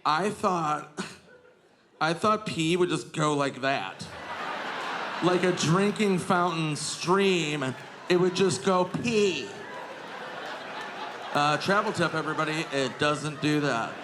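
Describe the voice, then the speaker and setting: A male stand-up comedian telling self-mocking stories on stage in a lively anecdotal way. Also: a little high, slow pace, pauses often. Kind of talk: stand-up storytelling. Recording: live club recording with crowd noise. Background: audience laughter.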